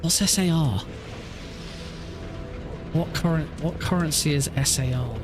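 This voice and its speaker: A man's voice: on the high side, unhurried. A man chats through his speedrun stream in a slightly raised voice, thinking aloud and restarting sentences as he goes. Faint game music hums behind him. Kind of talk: casual live-stream chat.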